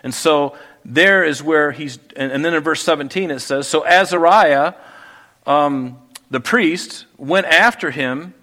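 Male pastor, verse-by-verse teaching, slightly high pitch, animated with sudden soft asides. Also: measured pace. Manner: animated, swings between loud emphasis and quiet asides. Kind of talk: expository Bible teaching.

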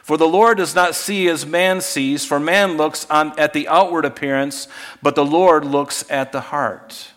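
Conversational pastor in an echoing church. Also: male voice, on the high side, steady tone, measured pace. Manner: conversational, swings from hushed to emphatic. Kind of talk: sermon. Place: church sanctuary. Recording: long hall reverb.

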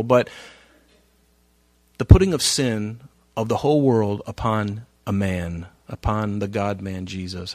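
A man preaching a sermon, reading scripture aloud and explaining it. His delivery swings from quiet asides to loud, stressed phrases. The sound is dry and close, with no room echo. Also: on the low side. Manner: reads scripture aloud and comments on it. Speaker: pastor.

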